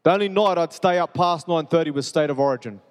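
A man preaching a sermon, earnest and repetitive, moving between soft and urgent passages. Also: a little high, fast. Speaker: pastor. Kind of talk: sermon with personal testimony. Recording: long reverb of a large hall.

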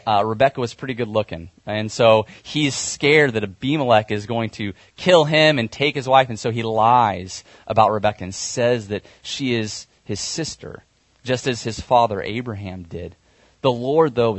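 Low-voiced man retelling a Bible story. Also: no echo. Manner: conversational storytelling with fillers and self-corrections. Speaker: preacher.

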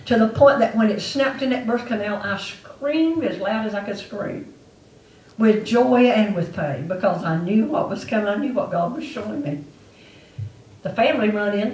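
A woman's voice: mid-range voice, a little mellow. A woman preaching a testimony sermon to her church with an emphatic, repetitive delivery. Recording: echoey room, mic far off.

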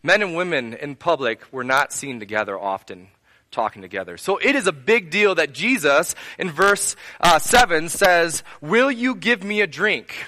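Man, pastor, sermon, earnest, repeated rhetorical lists, fairly high voice, bright. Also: animated, normal speed. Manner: asks the congregation direct questions.

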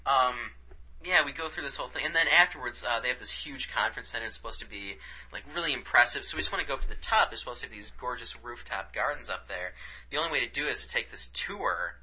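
Man, husky voice, bright tone, animated swearing storyteller, dull lo-fi sound. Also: medium pitch, fast talker. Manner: animated, profane, acts out quotes. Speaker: podcast co-host. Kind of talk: casual storytelling chat. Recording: dull lo-fi recording.

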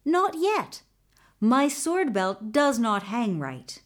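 A woman voicing a brave, patient young male hero in a storybook, calmly putting off a dragon. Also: on the high side, slow pace. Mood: calm defiant. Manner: calm, stalling.

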